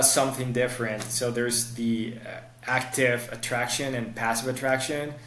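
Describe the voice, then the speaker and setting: A man's voice: on the low side, fairly bright tone, reverberant, a little hiss or hum. A man explaining dating advice on a podcast in a coaching tone. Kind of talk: podcast conversation.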